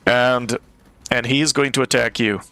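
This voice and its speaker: A man running a tabletop game as game master, narrating at an easy pace with frequent pauses to think. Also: mid-range voice, fairly even intonation, sharp tone, soft background music. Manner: unhurried, with many fillers and restarts.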